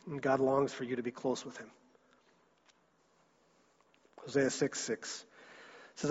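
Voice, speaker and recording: A man's voice: medium pitch, flat delivery, normal speed, slightly rough. A man preaching a sermon as a pastor, earnest, often repeating a word as he presses a point. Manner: earnest, repeats words when stressing a point. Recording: dull, lo-fi sound in a long-echo hall.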